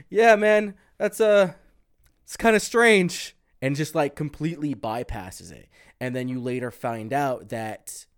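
A man co-hosting a podcast, talking in a loose, profane, animated way with plenty of fillers. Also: medium pitch. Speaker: podcast co-host. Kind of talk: casual chat.

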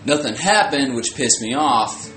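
A young man at a medium pitch chats bluntly and swears freely, with loose, filler-heavy sentences. He sounds like he is in an echoey room, with faint music underneath. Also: expressive, measured pace, bright, forceful tone. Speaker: podcast co-host. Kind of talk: casual chat.

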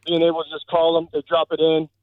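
Fast-talking man on a tinny phone line. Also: a little high, monotone, no room sound. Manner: talks fast in bursts, chatty storyteller. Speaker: caller. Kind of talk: casual chat.

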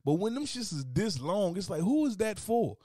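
A man talking in loose, comic back-and-forth. His pitch swoops up and down as he acts out little scenes and quotes in put-on voices. The sound is dry and close. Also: big pitch swings, moderate pace, mellow, no echo. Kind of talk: casual comedic chat.

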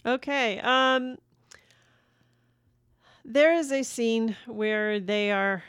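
A woman co-hosting a casual film discussion, relaxed and agreeable, laughing along. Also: on the high side, very slow, smooth, no echo, studio quality. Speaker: podcast co-host.

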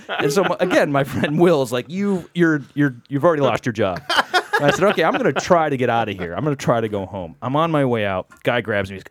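A man telling a long anecdote on a podcast, animated and acting out the other people's voices. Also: medium pitch, brisk, no room sound. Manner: animated, acts out quoted voices. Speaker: podcast guest. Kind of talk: storytelling anecdote.

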